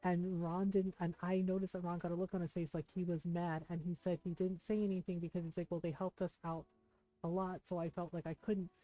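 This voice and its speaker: This middle-aged streamer has a fairly low, dark voice and a brisk, flat delivery. She rambles candidly through a personal story, filling it with fillers and restarts as she chats while gaming. The low-quality recording carries faint game music.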